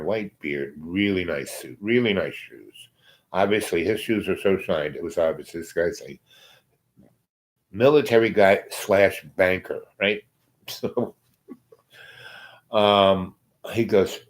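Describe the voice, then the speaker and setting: Rambling low-voiced man telling a story. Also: low-quality recording. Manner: digressive, trails off and restarts often.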